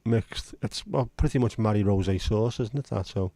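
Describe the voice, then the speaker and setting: Male livestream host, rambling and blunt, mellow low voice, dry close sound. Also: moderate pace, dry recording. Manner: rambling, chatty, blunt with occasional swearing. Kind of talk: casual livestream chat.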